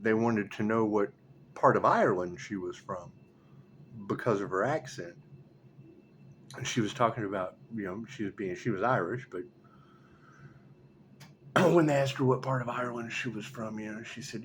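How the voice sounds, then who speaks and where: A man giving solo spiritual tarot commentary, excitable and repetitive, swinging from low mutters to loud exclamations and swearing casually. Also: moderate pace, long pauses, a little hiss or hum. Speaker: tarot reader.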